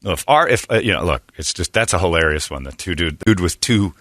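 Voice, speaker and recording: A man's voice: low voice, expressive, fairly bright tone, no room sound, clean studio sound. A middle-aged man hosting a morning radio show, ranting and mocking in a brash way. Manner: brash, ranting, quick to mock, slips into put-on voices. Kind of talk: opinionated morning radio talk.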